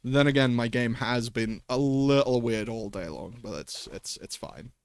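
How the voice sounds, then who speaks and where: A man's voice: mid-range voice, normal speed, clear, resonant tone, no echo. A man livestreaming a game in casual commentary, chatty and talking to himself and his pets, swearing and laughing often at a desk microphone.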